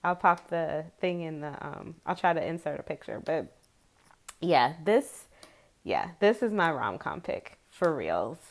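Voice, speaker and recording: A woman's voice: low-pitched, sing-song, unhurried. A woman in her forties, chatting casually to camera as a tarot video creator, rambling and chatty, with frequent giggles.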